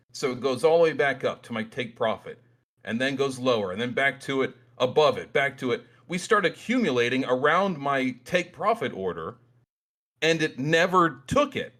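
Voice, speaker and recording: A man hosting a trading channel, telling a story about himself in a casual monologue at his desk, with animated, self-mocking outbursts. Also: medium pitch. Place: small room at his desk.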